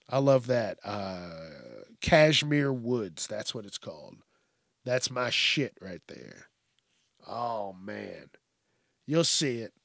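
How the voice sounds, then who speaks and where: A man with a mid-range voice hosts a podcast alone, recorded with clean studio sound and no room sound. His casual solo rant is profane, with brief impressions of people.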